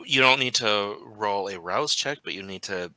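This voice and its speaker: A man running a tabletop role-playing game as storyteller, narrating in an unhurried, halting way with frequent ums. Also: lowish voice, bright, forceful tone, no room sound, poor audio.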